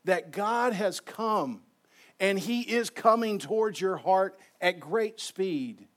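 A man preaching a sermon in a church, moving between quiet, intimate lines and emphatic ones, and inviting the congregation to respond. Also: high voice, lively intonation, slow. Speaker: pastor. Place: church sanctuary.

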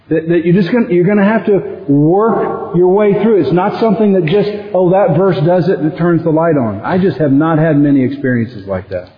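A high-voiced man preaches a sermon with lively animation, now and then acting out anguished prayers. He is heard in a roomy church hall with a long reverb, and the sound is a little dull. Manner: animated, acts out quoted prayers with sudden rises in pitch. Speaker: pastor.

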